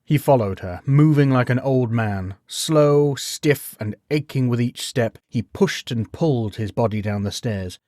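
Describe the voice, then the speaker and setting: A man narrating a bedtime story in an expressive, measured storytelling manner with wry humor. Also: medium pitch, dry recording, studio quality.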